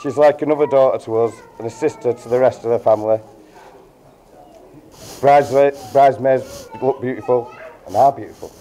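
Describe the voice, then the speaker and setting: A man's voice: medium pitch, normal speed, pauses often, dark tone. A middle-aged man giving a wedding toast as the groom's father, reading from notes with dry jokes. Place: wedding reception room.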